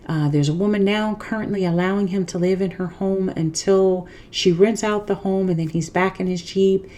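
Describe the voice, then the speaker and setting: A woman's voice: mid-range voice, fairly even intonation, moderate pace, warm tone. A woman hosting an inspirational faith podcast, speaking earnestly and emphatically straight to her listeners, repeating and rephrasing her points. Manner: speaks directly to listeners, encouraging. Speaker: podcast host.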